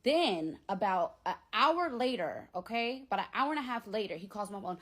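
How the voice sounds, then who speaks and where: A young woman telling a storytime vlog at home, talking in lively slang and acting out the lines she quotes. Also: medium pitch, normal speed, few pauses. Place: at home, bedroom.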